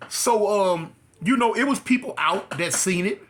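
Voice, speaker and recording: Animated, bright-voiced man telling a story. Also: unhurried. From California. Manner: animated, acts out dialogue with rising pitch. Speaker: former prisoner telling his story. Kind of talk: casual storytelling.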